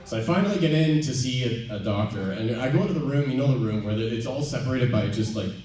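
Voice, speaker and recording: A man doing stand-up, telling a rambling, self-deprecating story with halting ums and restarts. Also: medium pitch, animated, crowd noise. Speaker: stand-up comedian. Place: theater stage before a live audience. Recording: echoey venue from far off.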